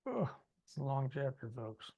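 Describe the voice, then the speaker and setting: A man's voice: mid-range voice, sing-song, normal speed, gravelly, warm tone. A man reading his own book aloud in a conversational way, adding asides and speaking straight to listeners. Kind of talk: audiobook narration with ad-libbed asides.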